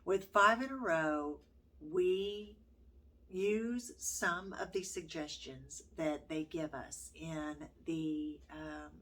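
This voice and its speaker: An older woman talks slowly to her vlog viewers, taking her time. Her voice sits low. She sounds gentle and heartfelt, pausing often between phrases. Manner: gentle, heartfelt, halting with many pauses. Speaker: homeschooling grandmother vlogger. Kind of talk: casual vlog talk.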